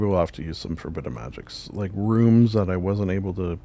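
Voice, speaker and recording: A man's voice: sits low, lively intonation, fairly quick, hardly any pauses, dark tone. A man hosting a gaming channel, chatting casually and jokingly as he plays a role-play game. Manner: rambling, jokey, talks to himself.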